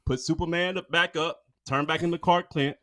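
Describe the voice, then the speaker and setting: A man's voice: on the high side, steady tone, brisk, bright, forceful tone, no room sound. A man co-hosting a sports podcast, delivering an emphatic, repetitive soapbox speech in casual talk. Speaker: podcast co-host. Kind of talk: casual sports-show chat.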